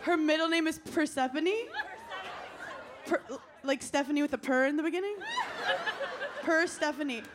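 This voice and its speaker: A woman's voice: high voice, fairly even intonation, normal speed, long pauses. A young woman doing a stand-up comedy set, brash and playful, laughing through her punchlines. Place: comedy stage before a live audience. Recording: loud live crowd and noise.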